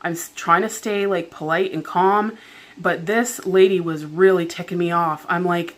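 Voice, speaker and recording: Chatting at home, a woman vlogger retells a story in an exasperated, venting tone, saying "like" constantly. Her voice is fairly low and fairly bright, steady in tone, and a little slow.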